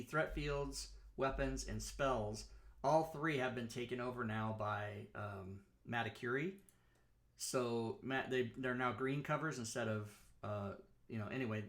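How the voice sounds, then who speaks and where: In a mid-range voice, a man hosting a live-streamed talk show guides viewers through software. He rambles in a chatty manner and keeps correcting himself.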